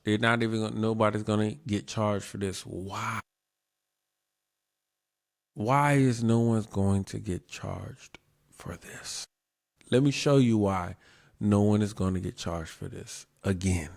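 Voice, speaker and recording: A man's voice: lowish voice, measured pace, gravelly, dry recording, clean studio sound. A man hosting his own show, giving casual commentary in an emphatic way, repeating his points and asking rhetorical questions. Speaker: show host.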